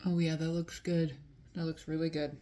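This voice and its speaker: A woman's voice: low voice, little pitch movement, moderate pace, warm tone. A woman chatting casually while doing her makeup, retelling a myth with lots of fillers and asides. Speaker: beauty vlogger.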